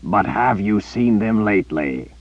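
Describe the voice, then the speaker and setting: Guy reading an audiobook doing a deep gravelly evil emperor, slow and menacing, dry muffled recording. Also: expressive, no room sound. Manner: slow, threatening, demanding. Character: menacing male tyrant emperor speaking through a young soldier.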